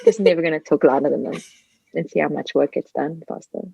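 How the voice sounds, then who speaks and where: Woman guest, musician, chatty and animated, voices her quotes; dry, slightly dull podcast sound. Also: sits low, quick pace, creaky, breathy edge, no echo. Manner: animated, slips into playful voices when quoting people. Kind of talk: casual interview chat.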